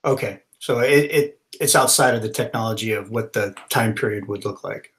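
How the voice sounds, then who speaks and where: A man's voice: lowish voice, normal speed, fairly bright tone. A man playing a tabletop role-playing game, describing his moves in a casual, rambling way. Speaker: player.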